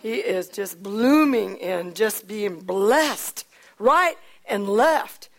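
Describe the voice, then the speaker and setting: A woman preacher telling a Bible story in a chatty, animated way with frequent laughs and asides. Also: medium pitch, drawn-out words. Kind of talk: sermon storytelling.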